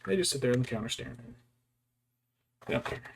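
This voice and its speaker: A man, a VTuber, chatting casually and telling stories while painting miniatures, slipping into quiet whispers and quick mock voices. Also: mid-range voice, animated, a little hiss or hum. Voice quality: gravelly and husky. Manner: storytelling, doing brief mock voices for his wife and cats; often drops to a quiet whisper.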